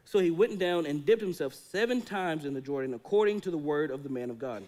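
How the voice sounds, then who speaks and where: High-pitched male preacher, animated storyteller who acts out the characters. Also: a little fast, few pauses. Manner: animated storytelling, acting out quoted voices. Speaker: pastor. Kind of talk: sermon. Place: church sanctuary.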